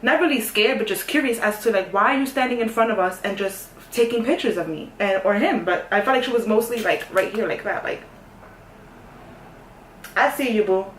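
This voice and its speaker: A young woman telling a story in a casual, sassy way, dropping to a hush and then getting loud. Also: medium pitch, fairly quick, far from the mic, slight background noise. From New York. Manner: animated, sassy, swings from hushed to loud. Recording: echoey room, voice off-mic.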